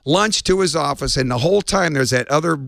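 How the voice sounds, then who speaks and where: Gravelly-voiced man telling stories. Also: fairly high pitch, brisk, no echo, clean studio sound. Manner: lively storyteller, acts out quotes. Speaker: interview guest. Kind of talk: anecdotal storytelling.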